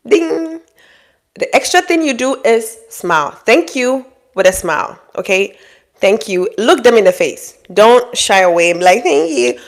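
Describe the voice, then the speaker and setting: Animated woman giving blunt advice. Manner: animated, acts out quotes in high mock voices, scolding. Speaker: relationship advice creator. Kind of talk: direct-to-camera advice monologue.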